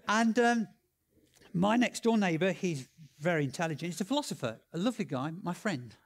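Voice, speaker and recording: Excitable man preaching. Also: high-pitched, brisk. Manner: animated, excitable, lots of restarts and repeats. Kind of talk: sermon storytelling.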